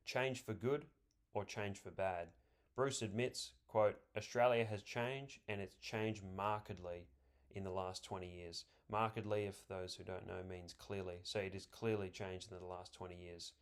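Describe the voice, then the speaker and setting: A man delivering scripted political commentary, reading quotations aloud in a measured, deliberate way and stressing key words. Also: low-pitched, little pitch movement.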